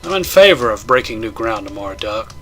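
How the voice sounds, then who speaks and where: A man's voice: lowish voice, fairly quick. A man voicing a confident, bossy backwoods hunt organizer who speaks in a nasal, emphatic way. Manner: energetic, emphatic.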